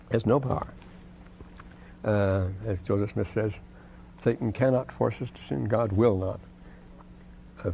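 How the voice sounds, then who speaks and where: A man's voice: mid-range voice, a little mellow, slight background noise, poor audio. A man lecturing on scripture, wandering off into asides and "you see", and reading quoted verses aloud with more force. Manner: reads quoted verses aloud with rising emphasis.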